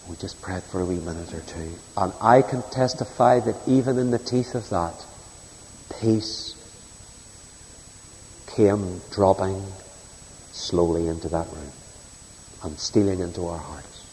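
Earnest preacher in reverberant hall. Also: male voice, low-pitched, measured pace, pauses often, a little hiss or hum. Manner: earnest, storytelling, shifts between loud emphasis and soft hush. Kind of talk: sermon.

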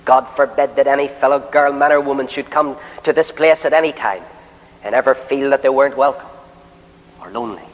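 A man preaching a sermon in a meeting hall, swinging between loud, drawn-out declarations and soft, pleading questions aimed straight at the listeners. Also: mid-range voice. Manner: addresses listeners directly with questions. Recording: long hall reverb.

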